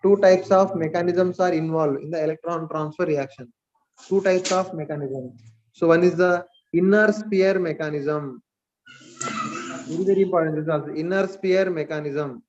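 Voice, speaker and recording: A man's voice: fairly high pitch, moderate pace, darkish tone. A man with an Indian English accent giving a live chemistry lecture, repeating key phrases and asking and answering his own questions. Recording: dull lo-fi stream audio.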